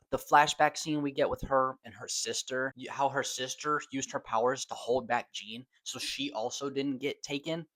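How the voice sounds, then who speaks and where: A young man giving a casual, excitable movie review, full of swearing and slang. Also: mid-range voice, breathy edge.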